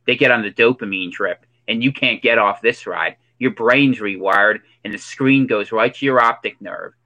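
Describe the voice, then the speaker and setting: A fairly low-pitched male voice with a sharp tone delivers a comedic monologue at a moderate pace, captured in a low-quality recording. He plays a preachy conspiracy theorist sporting a hoodie and sunglasses, leaning on ominous rhetorical questions and an affected accent.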